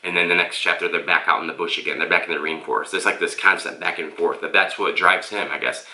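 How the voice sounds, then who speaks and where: A man's voice: sits low, fairly even intonation, fast, sharp tone, roomy sound. A man reviewing a book on camera in a loose, rambling way and often calling his viewers "guys.". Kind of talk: casual vlog book review. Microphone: camera mic.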